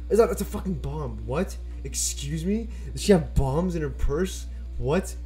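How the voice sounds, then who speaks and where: Man, casual gameplay commentary, rambling, swearing, warm mellow voice. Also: a little high, normal speed, faint music behind. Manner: excitable, profane, rambling with restarts. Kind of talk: casual let's-play commentary.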